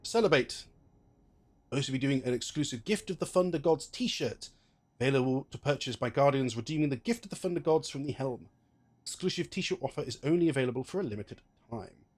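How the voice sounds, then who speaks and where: A man's voice: mid-range voice, animated, fairly quick. A man streaming a game, chatting casually and reading in-game text aloud, joking at his own expense. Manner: chatty, self-mocking, tries silly pirate accents.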